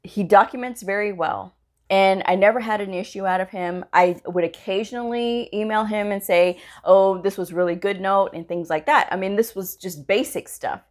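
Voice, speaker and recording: A woman, a medical coder, telling a casual story about her career on a vlog, acting out the voices of the people she quotes. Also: moderate pace. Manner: animated, acts out quoted dialogue with pitch jumps; conversational, frequent "you know" and "okay?".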